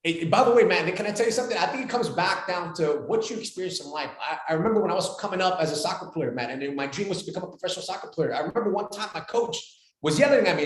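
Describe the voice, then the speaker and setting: A man in his forties talks quickly with a high voice and stacks up repeated phrases for emphasis. He speaks as a podcast guest. The echoey room rings behind him. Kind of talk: animated podcast talk.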